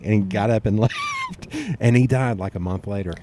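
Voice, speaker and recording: A man hosting a podcast, telling stories in a relaxed conversational way. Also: fairly low pitch, noisy background. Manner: storytelling, quick and animated with restarts. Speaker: podcast host. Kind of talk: casual conversational interview.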